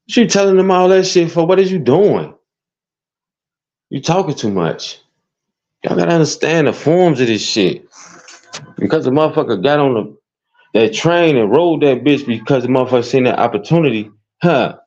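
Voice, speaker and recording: A man with a Chicago accent ranting in profane, animated commentary, his voice jumping into high squeals. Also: normal speed, pauses often. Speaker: commentary streamer. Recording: dull lo-fi sound.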